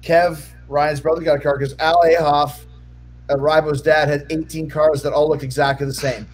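A man's voice: fairly high pitch, flat delivery, normal speed, soft background music. A middle-aged man co-hosting a podcast, chatting casually and teasing his friends with jokes. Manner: teasing, joking, laughs often. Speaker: podcast co-host. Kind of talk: casual chat.

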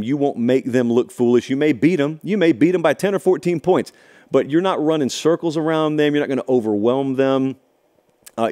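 Emphatic man breaking down a football game. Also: mid-range voice. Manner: animated, emphatic, sarcastic asides. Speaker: college football show host. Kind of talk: solo sports analysis talk.

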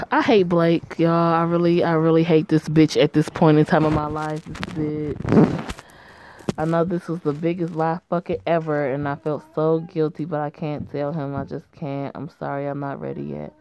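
A woman's voice: sits low, a little mellow, slight background noise. A woman reading a story game aloud with casual commentary, blunt and profane, talking back at the characters. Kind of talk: casual play-through commentary.

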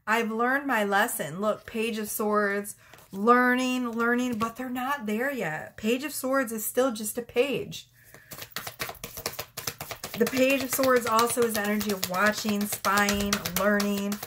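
A woman's voice: a little high, steady tone, slow pace, background noise. A woman giving a casual tarot reading, talking bluntly and profanely and often breaking into laughter. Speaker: tarot reader.

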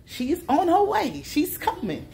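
A woman's voice: extremely high pitch, wildly swooping pitch, measured pace, vocal fry, dark tone. A woman vlogging at home for the holidays, speaking in a style and giving upbeat, preachy blessings to viewers. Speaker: vlogger, single mother. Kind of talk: casual family holiday vlog.

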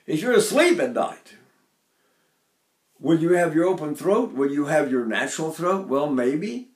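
An older male voice teacher explains technique to his students in a fairly high speaking voice. He addresses the class directly, stopping now and then to demonstrate a sound. The room adds a noticeable echo. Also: lively intonation, measured pace. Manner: talks to his class, breaks into brief sung and nasal demonstrations. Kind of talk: vocal lesson with sung demonstrations.

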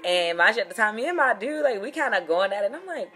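A young woman, telling a story to camera in a casual vlog, animated and profane, swinging between loud outrage and muttered asides. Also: medium pitch, fast talker, few pauses, music in the background. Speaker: vlogger.

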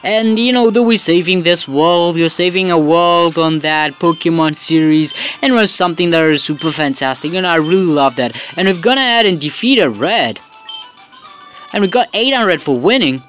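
A woman's voice: on the low side, moderate pace, fairly bright tone, faint music behind. A woman commentating her own game playthrough, rambling and chatty with many fillers. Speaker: gamer. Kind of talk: let's play commentary.

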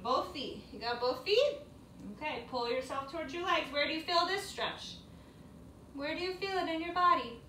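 A woman's voice: high voice, pushed and bright, slight background noise. A woman teaching a yoga class for young children in a sing-song, encouraging, playful way. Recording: echoey room, mic at a distance.

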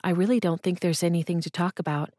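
Brief: woman narrator playing a guarded young office assistant, clipped and cool, slightly raised pitch, dry close sound. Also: steady tone, fast, a little mellow, no echo, natural voice. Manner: clipped, coolly professional.

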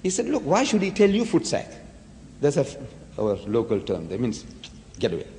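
A man's voice: mid-range voice, wildly swooping pitch, normal speed, mellow, a little hiss or hum. A man giving a dramatic religious lecture full of rhetorical questions. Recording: echoey hall.

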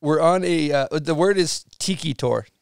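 A man with a fairly high voice hosts a casual podcast. He quizzes his guest playfully, reading out one term after another. The voice is close-miked and dry. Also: moderate pace, gravelly, clear, resonant tone, dry recording. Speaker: podcast host.

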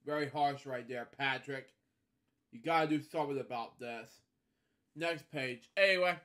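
A man hosting a casual storybook reading, halting and repeating words as he adds offhand comments. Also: mid-range voice, fairly bright tone. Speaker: storybook reader and host. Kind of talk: casual read-aloud with chatty asides.

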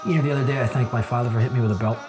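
A man cooking and chatting casually, joking and cursing freely as he works. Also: medium pitch. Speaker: cook. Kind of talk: casual kitchen chat.

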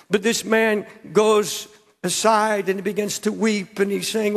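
A man's voice: high-pitched, little pitch movement, measured pace. An older man, a pastor, preaching an impassioned sermon in a large church, repeating words as he presses his points. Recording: church hall with long reverb.

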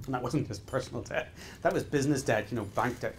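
A middle-aged business trainer leads a live seminar, speaking fast at medium pitch with emphatic, repeated exhortations and frequent restarts. Slight background noise can be heard.

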